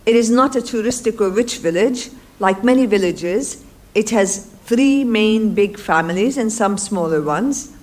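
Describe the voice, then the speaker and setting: A woman's voice: mid-range voice, animated, measured pace, a little mellow. Woman reading an academic paper aloud. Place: lecture hall.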